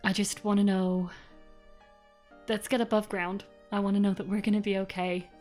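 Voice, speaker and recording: A woman voicing her character at a tabletop game, speaking earnestly and reassuringly. Her voice sits at a middle pitch. Faint music plays underneath. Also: little pitch movement, moderate pace, darkish tone. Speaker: player. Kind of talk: casual chat in character.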